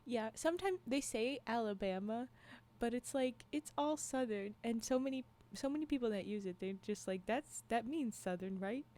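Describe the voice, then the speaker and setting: Woman, streamer, casual chat with viewers, somewhat high voice, rambling, giggly. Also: lively intonation, moderate pace, mellow. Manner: rambling, giggly, laughs often; frequent restarts and trailing asides. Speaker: livestream storyteller.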